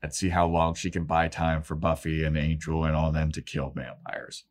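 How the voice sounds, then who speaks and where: A man co-hosting a podcast, recapping a TV episode with animated storytelling. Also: very deep voice, normal speed. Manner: animated storytelling, acts out quotes. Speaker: podcast co-host.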